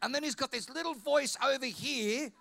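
A man preaching a fervent sermon as pastor, swinging between shouted declarations and quiet asides. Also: very high voice, moderate pace, vocal fry.

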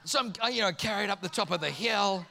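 A fast-talking pastor from Germany, high-pitched and gravelly, delivers a sermon of lively stories. He brings the people in them to life by acting out their voices.

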